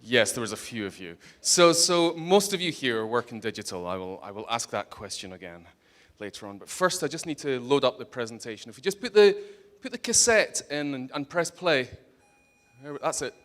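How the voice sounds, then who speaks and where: A man's voice: medium pitch, lively intonation, brisk, fairly bright tone. A man with a Scottish accent giving a humorous conference talk, joking and teasing the audience bluntly. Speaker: conference speaker. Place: conference hall stage.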